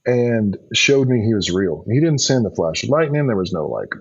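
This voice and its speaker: A deep-voiced middle-aged man tells his own story with earnest feeling, stumbling and restarting as he goes. His voice is husky, and the recording is dry and a little dull. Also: very animated, normal speed, dry recording. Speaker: podcast guest. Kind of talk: personal testimony in conversation. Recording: dull lo-fi sound.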